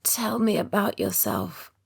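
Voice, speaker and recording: A woman whispering as a hoarse, exhausted young woman in whispered role-play. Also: mid-range voice, sing-song, a little slow, pitched above the performer's own voice, heavily acted. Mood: weak, faint. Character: exhausted injured young woman, barely able to speak.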